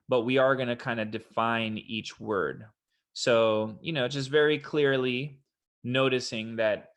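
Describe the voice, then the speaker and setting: A man's voice: mid-range voice, a bit bright. Casual man explaining test answers. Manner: casual, explanatory, quotes examples in a put-on voice. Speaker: SAT tutor. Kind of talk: online test prep walkthrough.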